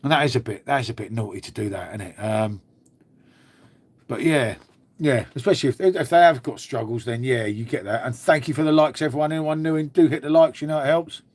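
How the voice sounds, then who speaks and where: A man's voice: mid-range voice, fairly quick, darkish tone. A man, hosting a live stream in a casual chat, chatty and matey, swearing freely and answering viewers. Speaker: beer channel host.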